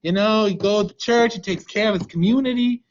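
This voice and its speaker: A man's voice: brisk, muffled recording, close to an everyday voice. A man doing a chatty matchmaking grandma. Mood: coaxing. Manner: coaxing, gossipy sales pitch.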